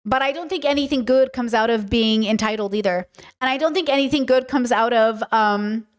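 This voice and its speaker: Woman podcast host, pretty high voice, casual frank talk, keeps asking "okay?". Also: brisk. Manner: chatty, frank, checks in with listeners. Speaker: podcast host answering chat.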